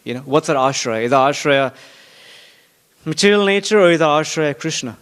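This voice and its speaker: A man giving a sermon-style scripture class in a temple, telling a story with lively acted-out quotes and frequent fillers. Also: a little high, fairly quick, smooth. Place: temple hall.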